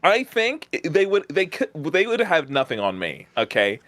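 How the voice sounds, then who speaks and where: A British man telling a story as a guest on a stream, stumbling over his starts and laughing as he goes. His voice is a little high, and the recording is dry and close. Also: wildly swooping pitch, normal speed, fairly bright tone, dry recording. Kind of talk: casual chat on stream.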